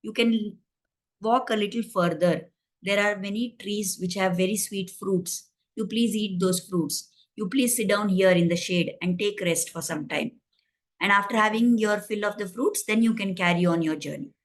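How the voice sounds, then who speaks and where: A woman voicing a gentle male parrot who softly welcomes a guest, in a spoken folk tale. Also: medium pitch, normal speed, lightly acted. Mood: welcoming. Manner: soft, hospitable.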